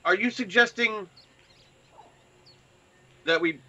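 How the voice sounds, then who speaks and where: A man's voice: sits high, slow, sharp tone. A man playing a tabletop game, teasing the others with wry jokes. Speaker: player. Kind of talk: casual tabletop game chat. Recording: dull lo-fi audio with background noise.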